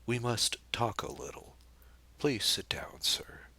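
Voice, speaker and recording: A man reading the part of a poised young woman who speaks lightly, with a gentle mocking edge. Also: mid-range voice, slow pace, breathy edge, no room sound, whispered, pitched above the performer's own voice, heavily acted. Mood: cool, mocking.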